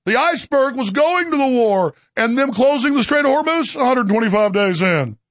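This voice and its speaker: A man hosting his own show, delivering rapid-fire political commentary in a combative, sarcastic way. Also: extremely high pitch, animated, fairly bright tone, no room sound. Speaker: show host.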